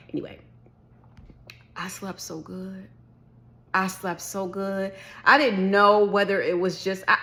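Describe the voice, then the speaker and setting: A woman vlogger chatting casually about a solo trip, telling the story with lively acted-out reactions. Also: medium pitch. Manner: animated storytelling, acts out her own past reactions. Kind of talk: casual chat.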